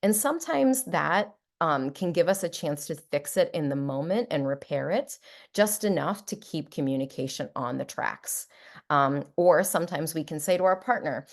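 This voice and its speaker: Woman, middle-aged, psychologist giving a talk, low voice, gravelly, playful, acts out examples. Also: animated, normal speed. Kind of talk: presentation to an audience.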